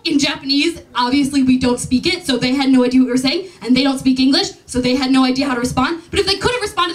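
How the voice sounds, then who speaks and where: A young woman telling a comic personal story at a live story slam, animated and laughing through her lines. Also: sits high, fast, few pauses, far from the mic, low-quality recording. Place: stage at a live event.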